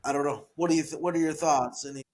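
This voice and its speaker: High-voiced man workshopping jokes. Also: fast. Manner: reads joke lines in a raised, animated voice; laughs easily, thinks aloud. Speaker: podcast co-host, comedian. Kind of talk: casual joke workshop chat.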